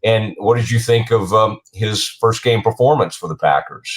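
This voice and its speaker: A man's voice: on the low side, moderate pace. A man hosting a casual sports talk interview, speaking in a loose, conversational way as he searches for words. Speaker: podcast host.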